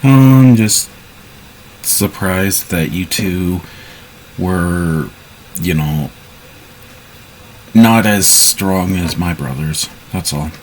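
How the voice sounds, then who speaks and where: A man's voice: low voice, drawn-out words, long pauses, a little hiss or hum, rough recording. A man improvising his part in a casual role-play, hesitant and full of restarts. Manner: hesitant, many restarts and fillers.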